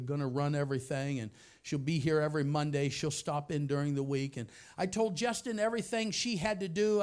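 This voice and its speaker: High-voiced man preaching a story. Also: smooth. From United States. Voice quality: dramatic swings from hushed tenderness to loud shouting. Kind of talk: storytelling sermon.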